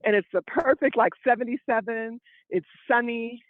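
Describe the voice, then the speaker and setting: A woman's voice: a little high, normal speed, no room sound. A woman co-hosting a casual phone chat while walking outdoors in the mountains, out of breath, telling things vividly. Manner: vivid, animated storyteller. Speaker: co-host. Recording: tinny dry phone line.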